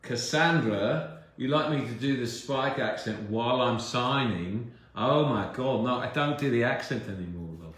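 A middle-aged American man chatting casually while signing autographs, relaxed and rambling with many fillers. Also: medium pitch, moderate pace, few pauses. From United States. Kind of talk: casual chat during a live autograph stream. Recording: very echoey room, faint background hum.

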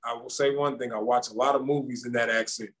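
A man, a former basketball champion, talking casually as an interview guest in a relaxed, slangy way that repeats words. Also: medium pitch, fast, low-quality recording.

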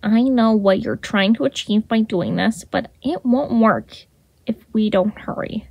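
A woman's voice: a little high, unhurried, a little mellow, dry recording, heavily acted. Woman doing a brash crude young man. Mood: snarling. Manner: snapping, gruff.

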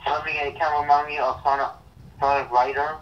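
A man's voice: a little high, level tone, fairly bright tone. Young man on a muffled distant line. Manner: halting, repetitive, blunt opinions. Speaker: co-host. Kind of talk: casual chat.

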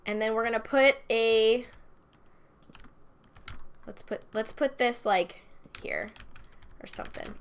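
A woman's voice: medium pitch, pushed and bright. A young woman chatting casually as she plays and comments on a game, bubbly and talkative. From United States. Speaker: Minecraft let's-play host.

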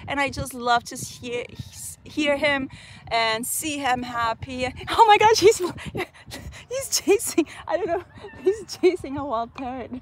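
High-voiced woman live-streaming outdoors. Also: slow. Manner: animated, cooing baby talk to her bird; frequent laughter, excited exclamations. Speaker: parrot trainer, channel host. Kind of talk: casual live stream chat. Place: outdoors in open country.

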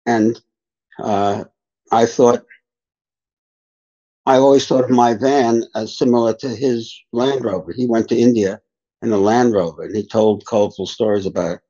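A man's voice: medium pitch, steady tone, moderate pace, long pauses, warm tone. An older man, a spiritual teacher, telling reflective stories unhurriedly as a guest in an interview. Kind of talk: storytelling in a podcast interview. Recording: dull lo-fi sound.

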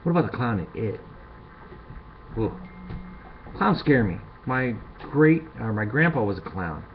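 A man's voice: mid-range voice, measured pace. Middle-aged guy riffing crude comedy, voice swings all over, muffled lo-fi audio. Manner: rambling, crude and animated, builds to loud rants. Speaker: show host. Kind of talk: comedic monologue. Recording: dull lo-fi sound with faint hiss.

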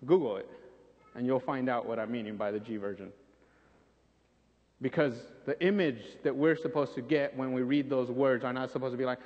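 A man's voice: medium pitch, normal speed, a little mellow. A man preaching a sermon in an earnest, pleading way, often repeating himself for emphasis. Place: church sanctuary. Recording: dull recording in a reverberant church.

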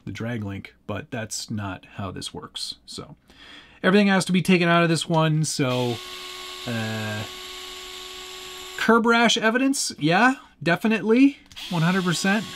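A man's voice: sits high, unhurried, long pauses, a little hiss or hum. Man chatting while tinkering at his bench. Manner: relaxed, rambling, chuckles often, answers chat. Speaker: livestream host. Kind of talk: casual live chat while tinkering.

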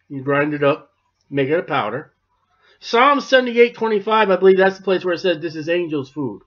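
A man's voice: high-pitched, very animated, brisk. A male pastor preaching a sermon, explaining scripture in a folksy, wry manner. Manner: folksy, wry Bible commentary. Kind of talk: expository sermon. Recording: dull lo-fi recording.

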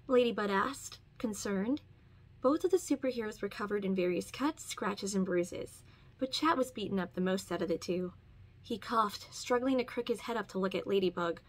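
A woman's voice: mid-range voice, moderate pace. Young woman reading a fan comic aloud. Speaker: channel host reading stories. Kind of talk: read-aloud story narration.

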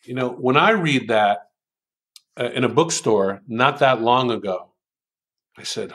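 Speaking at a middle pitch with a fairly bright tone, an older American man who works as an author and writing coach guests on a conversational interview, explaining through examples. He goes slowly and deliberately, hesitating with many ums, and savors the sentences he quotes aloud.

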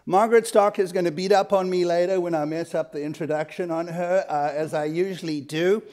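A man in his fifties with a South African accent, moderating a law school panel, introducing speakers and telling his own story in a halting, earnest way with many fillers. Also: sits high, fairly even intonation, a little mellow. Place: lecture hall.

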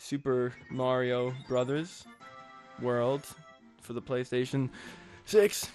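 A man's voice: mid-range voice, fairly even intonation, slow pace, darkish tone, faint music behind. A man giving casual, jokey gameplay commentary as a let's play host, rambling with crude asides.

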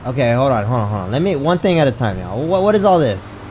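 Excitable swearing man streaming a game. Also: mid-range voice, fast talker, slight background noise, poor audio. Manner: excitable, swears often, yelps in surprise; talks to chat while reading menus aloud. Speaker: gaming streamer. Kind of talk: live gameplay commentary.

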